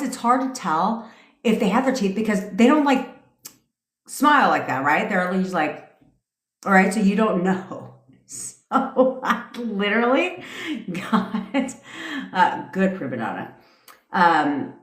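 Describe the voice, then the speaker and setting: A woman's voice: sits low, roomy sound. A middle-aged woman talking casually on a livestream, blunt and profane, telling a dating story and laughing often. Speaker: manifestation coach on a livestream.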